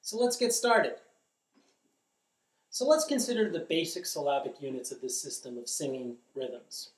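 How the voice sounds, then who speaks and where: In an indoor drum studio, a middle-aged instructor demonstrates carefully, speaking rhythm syllables in a chant. He talks at a moderate pace with a fairly high, sing-song voice, picked up by a distant mic in an echoey room.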